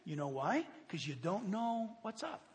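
A man preaching a sermon, animated, acting out prayers and asking his congregation questions. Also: high-pitched, measured pace. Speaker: pastor. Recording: long hall reverb.

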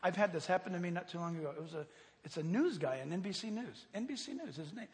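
A man preaching a sermon, animated, acting out prayers and asking his congregation questions. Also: high voice, fast talker, crowd noise. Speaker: pastor. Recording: long hall reverb.

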